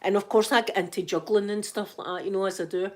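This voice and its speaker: Soft-spoken Scottish woman in her fifties. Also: mid-range voice, fairly even intonation, fast talker. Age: 50s. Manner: rambling, self-mocking storytelling. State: sore throat. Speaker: ASMR channel host. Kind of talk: soft-spoken ASMR chat.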